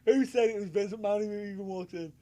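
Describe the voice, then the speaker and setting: A man co-hosting a wrestling podcast, his voice sitting high and warm as he talks quickly. He laughs a lot and tends to repeat himself in this casual wrestling chat.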